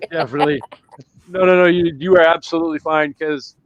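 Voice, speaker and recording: A man's voice: fairly high pitch, little pitch movement, fast talker, dry recording, lo-fi sound. A man co-hosting a casual movie podcast, laid-back and profane, thanking the listeners. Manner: laid-back, profane, talks through restarts. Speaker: podcast co-host.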